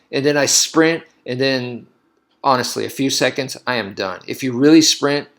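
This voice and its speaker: A man's voice: medium pitch, a little slow. A man who teaches martial arts, talking casually in a loose, rambling way and acting out his own past reactions. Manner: rambling, animated storytelling with laughs. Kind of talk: casual monologue.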